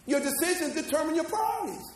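A pastor preaching a sermon, building to shouts and calling the congregation to read along. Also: male voice, very high-pitched, lively intonation, fast. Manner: preaching with rising shouts and call-and-response. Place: church. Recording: echoey church hall from far off.

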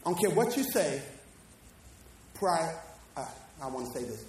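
A pastor preaching a sermon, building to shouts and calling the congregation to read along. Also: male voice, a little high, big pitch swings, measured pace, a little hiss or hum. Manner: preaching with rising shouts and call-and-response. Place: church. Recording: echoey church hall from far off.

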